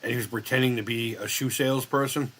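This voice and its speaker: A man's voice: mid-range voice, steady tone, quick pace, fairly bright tone. An American man hosting a casual live chat, rambling and swearing freely as he laughs along. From United States. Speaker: live stream host.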